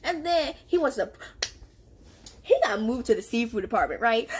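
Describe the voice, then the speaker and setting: A woman's voice: on the high side, normal speed, slightly rough. A young woman casually telling a story from her own past, acting out the lines of the people in it. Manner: animated and confrontational, acting out quoted lines. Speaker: storyteller vlogger.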